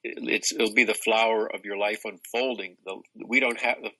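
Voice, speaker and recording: Older man, spiritual teacher, expansive and rambling, low pitch, sharp tone. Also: fairly even intonation, normal speed, slightly rough, low-quality recording. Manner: expansive, rambling, many restarts. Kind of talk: casual spiritual conversation.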